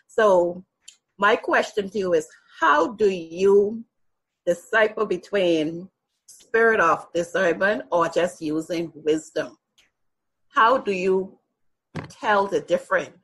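A woman's voice: medium pitch, slow, a bit bright, slightly rough. A woman hosting an interview, asking long, searching questions. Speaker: host.

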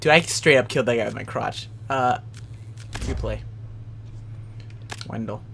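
A man's voice: medium pitch, unhurried, creaky, fairly bright tone, husky. A man giving casual gaming commentary, goofy and rowdy, trash-talking and bragging as he plays. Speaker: let's play gamer. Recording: noisy with game sound behind.

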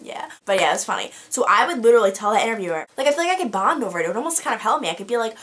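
A woman's voice: a little high, expressive, racing, fairly bright tone. A teenage girl chatting to camera in a beauty vlog, rambling with lots of fillers and restarts. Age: teens. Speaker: beauty vlogger. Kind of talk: casual chat to camera.

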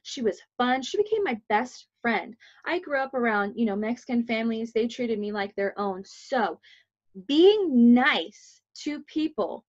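A woman's voice: fairly high pitch, expressive, unhurried, darkish tone. A young woman from the United States, a podcast host telling stories in casual chat, blunt and full of swearing. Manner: blunt, profane storytelling. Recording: dull lo-fi sound.

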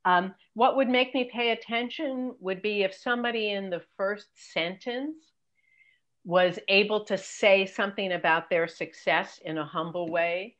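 An older woman, a career coach, giving emphatic, practical advice as a guest in an interview. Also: a bit bright. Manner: brisk, emphatic, mimics pitch emails.

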